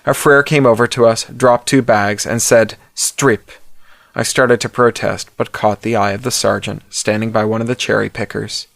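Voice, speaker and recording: A man narrating a first-person story in a steady, wry reading. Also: on the low side, moderate pace, vocal fry, hardly any pauses, no room sound. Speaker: audiobook narrator.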